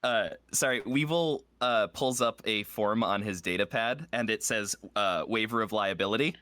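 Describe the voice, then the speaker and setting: A man's voice: on the low side, measured pace, sharp tone, no room sound. A man playing a tabletop game, casually describing his character's actions with many fillers. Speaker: player.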